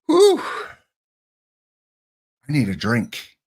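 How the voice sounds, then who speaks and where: A man giving live-streamed commentary on a game, drawling along at an easy, slow pace. He thinks out loud, half to himself and half to the players he is picking. His voice sits at an ordinary middle pitch. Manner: muttering to himself and talking to the players on screen.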